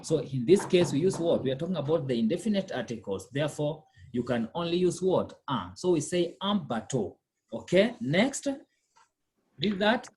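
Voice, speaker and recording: A man tutors French, his voice sitting on the higher side. He speaks patiently, repeating each word and asking "okay?" to make sure the student follows. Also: big pitch swings, normal speed, a little mellow, slight background noise. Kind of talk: one-on-one language lesson.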